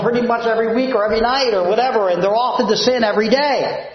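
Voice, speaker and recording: A man preaching a sermon as pastor, who puts fill-in questions to his congregation. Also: sits high. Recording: very echoey, dull lo-fi sound.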